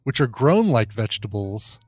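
A man's voice: on the low side, sing-song, normal speed, breathy edge, no echo, soft background music. A man hosting a podcast in casual chat, explaining things with asides and laughing often. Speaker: podcast host.

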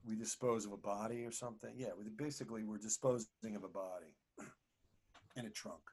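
A husky man chats as an interview guest. He tells stories in a loose, rambling way, stumbling over his words and restarting often, and he gets animated as he goes. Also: on the low side, a little fast. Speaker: actor and singer, guest. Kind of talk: casual storytelling in an interview.

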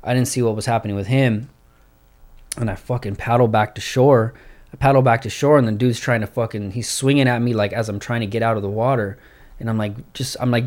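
Brief: young adult man, casual storyteller, profane and animated, mid pitch. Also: fast.

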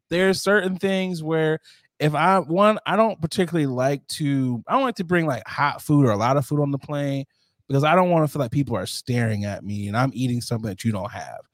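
A man's voice: fairly high pitch, a little fast, dry recording, clean studio sound. A man co-hosting a casual podcast, reading out a story and chatting, often laughing through his words. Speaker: podcast co-host.

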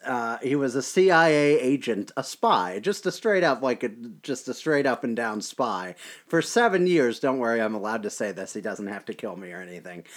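A man co-hosting a podcast, telling a story in a wry, self-deprecating way. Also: medium pitch. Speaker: podcast co-host. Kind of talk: casual podcast chat.

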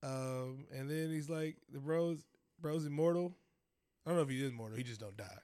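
A man's voice: medium pitch, fairly quick, warm tone, no echo, studio quality. Profane, joking man in his thirties. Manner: profane, joking, loose and rambling. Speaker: podcast co-host. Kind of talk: casual chat.

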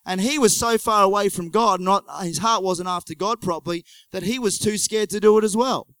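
A man preaching a conversational sermon, retelling a story with lively joking asides. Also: high-pitched, fairly quick, clean tone, no echo, poor audio. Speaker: pastor.

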